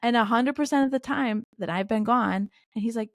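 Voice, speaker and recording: A woman's voice: on the high side, fairly quick, dry recording, clean studio sound. A middle-aged woman as a podcast guest, telling candid stories full of quoted dialogue in a conversational way. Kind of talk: conversational interview storytelling.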